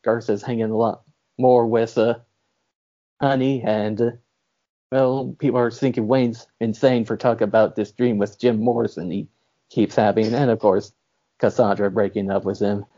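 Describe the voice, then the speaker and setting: Mellow-voiced man recapping a movie. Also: fairly low pitch, steady tone, normal speed, dull audio. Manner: rambling, filler-heavy, laughs often. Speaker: podcast host.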